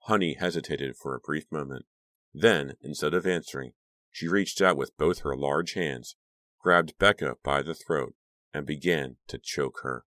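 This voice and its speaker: A man reading a novel aloud as an audiobook narrator, in a steady, measured manner. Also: extremely low pitch, no echo, clean studio sound. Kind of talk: scripted narration.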